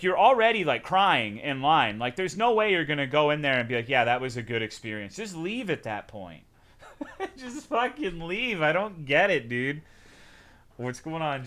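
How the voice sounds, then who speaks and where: A male streamer chats casually with his viewers, swearing freely and breaking into sudden loud bursts as he tells a story. His voice is bright and forward, sitting at a middle pitch for a man.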